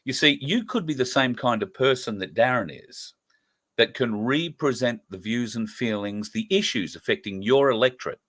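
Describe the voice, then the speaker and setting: A man's voice: mid-range voice, normal speed, a bit bright. A middle-aged man with an Australian accent hosting an earnest political commentary show, talking emphatically with frequent fillers. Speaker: host.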